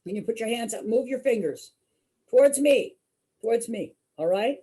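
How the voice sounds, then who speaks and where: Husky-voiced woman telling a spooky story. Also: on the high side, lively intonation, normal speed, dark tone. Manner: dramatic, asks the audience questions. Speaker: children's entertainer and storyteller. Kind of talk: lively storytelling to an audience.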